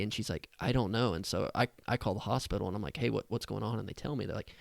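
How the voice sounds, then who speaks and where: A man's voice: fairly low pitch, fast talker, vocal fry, few pauses, no room sound. A man who is an associate pastor, a guest on a podcast, earnestly sharing a personal story in conversation. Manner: earnest, heartfelt, speaks openly about emotion.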